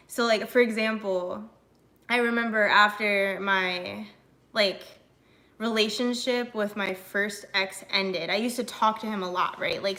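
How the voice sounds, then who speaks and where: A young woman chats with her stream audience in a bright, sharp voice. She rambles casually with lots of fillers and breaks into laughs while answering viewers. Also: mid-range voice. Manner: chatty and animated, many fillers, laughs often; reads and answers chat messages.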